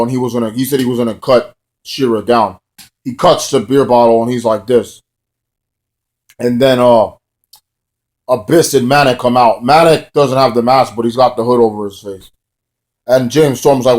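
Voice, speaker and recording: A man's voice: mid-range voice, darkish tone. A man giving a casual, rambling spoken recap of a wrestling show, with lots of fillers. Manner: loose and rambling, full of fillers.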